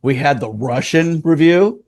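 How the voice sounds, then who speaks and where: A man's voice: fairly high pitch, expressive, unhurried, darkish tone, no echo, studio quality. A man co-hosting a podcast, reading reviews aloud and making crude jokes. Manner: joking, crude, reads aloud. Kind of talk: casual joking chat.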